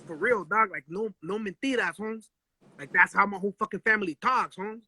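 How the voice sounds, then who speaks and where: A high, very bright male voice telling animated, slangy stories in a casual live chat, swearing freely and acting out the people he quotes. The sound is close and dry, captured on a phone. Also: fairly quick, slightly rough, no room sound. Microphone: phone live stream.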